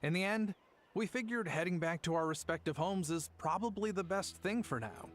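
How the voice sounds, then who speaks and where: An actor playing a polite, apologetic merchant in a game, explaining things in a friendly way. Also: male voice, high-pitched, lively intonation, normal speed. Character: polite adult male traveling merchant. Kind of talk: game voice acting.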